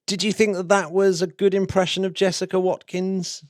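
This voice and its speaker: A man's voice: high-pitched, level tone, no echo, clean studio sound. Chatty man co-hosting a podcast. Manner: chatty, self-mocking, quick to laugh. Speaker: podcast co-host. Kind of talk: casual chat.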